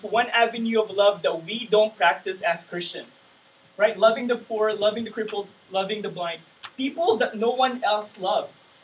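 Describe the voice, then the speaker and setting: A man's voice: high-pitched, a bit bright, far from the mic, a little hiss or hum, rough recording. A man preaching a sermon in a conversational way, often asking his listeners "right?".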